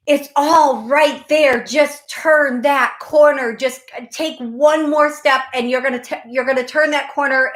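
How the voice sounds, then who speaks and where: Effusive psychic host, high voice. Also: female voice. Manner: effusive, emphatic, repeats phrases. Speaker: psychic medium radio show host. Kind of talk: call-in psychic reading.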